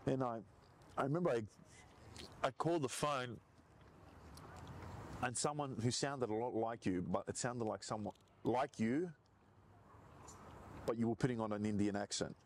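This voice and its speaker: A man's voice: mid-range voice, moderate pace, long pauses, slight background noise. A man in a casual chat, rambling through stories and laughing often.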